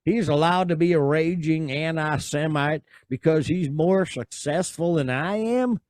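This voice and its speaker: A man's voice: on the high side, a little slow, a little mellow, dry recording, pitched above the performer's own voice, lightly acted. A man reading out a quote in a put-on Southern drawl, playing an angry man ranting. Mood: indignant. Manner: indignant, sarcastic.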